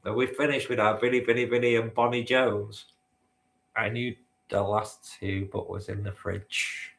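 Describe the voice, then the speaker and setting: A man's voice: lowish voice, little pitch movement, normal speed, creaky, a bit bright, reverberant. A man hosting a live-stream quiz, bantering with the chat and swearing now and then. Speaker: quizmaster.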